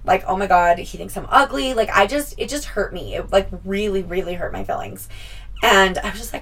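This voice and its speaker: A woman's voice: mid-range voice, lively intonation, brisk, a bit bright. Young woman vlogger telling a story, lots of swearing and "like", kinda far from the mic. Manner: chatty, swears often, acts out quoted lines. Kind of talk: casual storytime vlog.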